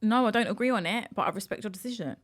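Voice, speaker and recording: A woman's voice: mid-range voice, very fast, heavy background noise. A woman co-hosting a casual podcast, teasing and defensive, often laughing at her co-host.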